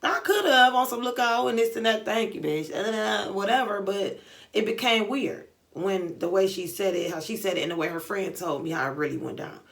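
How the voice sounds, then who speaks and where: A young woman vlogger telling a story in casual, animated, slangy chat, acting out the dialogue. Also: mid-range voice, normal speed, creaky. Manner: animated, slangy retelling with lots of quoted dialogue. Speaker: beauty vlogger.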